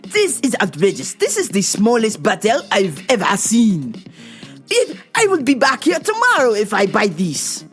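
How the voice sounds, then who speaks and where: A woman's voice: medium pitch, wildly swooping pitch, soft background music. A woman putting on a grumpy swearing Frenchman. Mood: outraged. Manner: indignant, swearing, halting broken phrasing. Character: grumpy, cussing male pharmacy customer with put-on French accent.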